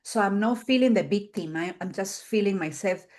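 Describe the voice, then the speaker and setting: A woman in a group discussion over a video call, sharing a personal story in an animated way, laughing often and acting out the dialogue. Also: mid-range voice, moderate pace. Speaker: group member.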